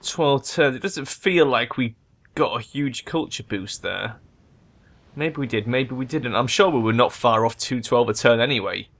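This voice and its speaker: A young man giving loose, excitable gameplay commentary, thinking aloud and swearing freely. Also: medium pitch, normal speed. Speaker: let's play gamer.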